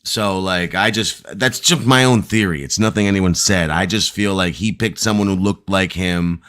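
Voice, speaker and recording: A man's voice: low voice, moderate pace, a bit bright, clear, resonant tone. A man hosting a livestream podcast, rambling in playful, self-deprecating casual chat. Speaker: podcast host.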